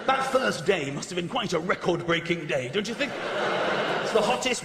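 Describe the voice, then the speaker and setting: A man doing a stand-up comedy routine in a large theatre, animated, acting out characters and shouting punchlines. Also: high-pitched, fairly quick, very noisy. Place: large theatre stage with audience. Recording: roomy live theatre recording with audience. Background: audience laughter.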